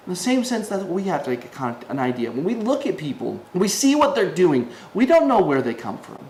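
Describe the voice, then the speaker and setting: A man's voice: high voice, huge pitch swings, fast talker, hardly any pauses. A man giving a casual devotional video talk as an online preacher. He rambles in a conversational way, restarts often and acts out quoted voices. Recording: echoey room with faint ambient noise.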